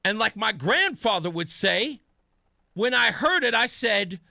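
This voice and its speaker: A man's voice: sits high, sing-song, a little slow, creaky, pushed and bright, dry recording. A young man hosting a talk radio show, delivering an emphatic, sarcastic opinion monologue into a studio microphone. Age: young adult.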